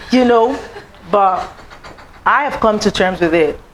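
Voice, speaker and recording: Woman, motivational speaker, lively storytelling talk at an event, faint hiss behind. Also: rough recording. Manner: animated, acts out quoted voices, rising to high exclaims. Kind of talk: inspirational talk to a live audience. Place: event room.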